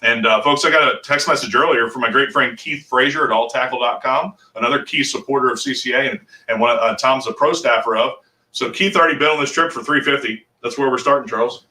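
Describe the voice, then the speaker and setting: A man's voice: mid-range voice, quick pace, pushed and bright, far from the mic. A man hosting a live charity fundraiser from a fishing shop, chatty and enthusiastic. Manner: chatty, enthusiastic, thanks supporters. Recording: echoey shop, off-mic.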